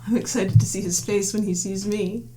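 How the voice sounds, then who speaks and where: A woman player speaking in character in a tabletop game, hesitant and halting. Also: mid-range voice, steady tone, mellow, a little hiss or hum. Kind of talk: in-character tabletop role-play.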